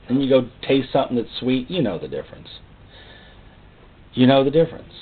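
A man's voice: mid-range voice, wildly swooping pitch, moderate pace, pauses often, slightly rough. A man preaching a sermon, emphatic and repeating phrases for stress. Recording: tinny phone-like sound.

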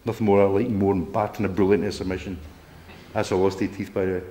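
A man's voice: sits low, little pitch movement, fast talker, warm tone. A man giving a combative public talk to a local group, blunt and swearing, often asking "right?". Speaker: campaign speaker. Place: meeting room.

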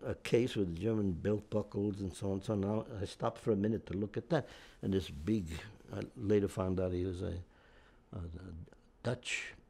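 A man's voice: lowish voice, fairly even intonation, moderate pace, warm tone. A man in his nineties, a war veteran, telling a long story in an interview with many restarts and repeated words. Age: 90s.

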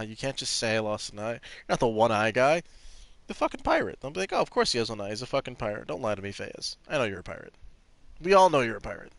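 A man's voice: fairly high pitch, fairly bright tone, no echo. A man streaming a video game, chatting casually and jokingly with his viewers and swearing freely. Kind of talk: casual gameplay commentary.

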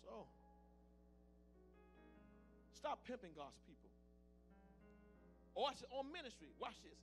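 A man preaching a fiery sermon as pastor, swinging between loud declarations and low, hushed asides. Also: sing-song, slow pace, long pauses, faint music behind.

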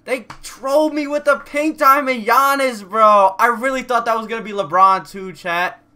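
A young man streaming a pack opening in a casual chat style, begging and groaning and then shouting at the results. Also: very high voice, moderate pace, smooth. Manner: pleading and excitable, swings from chanting to shouting to muttering.

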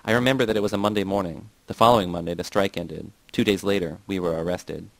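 Low-voiced man reading a novel. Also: steady tone, quick pace, gravelly, no echo, low-quality recording. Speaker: audiobook reader.

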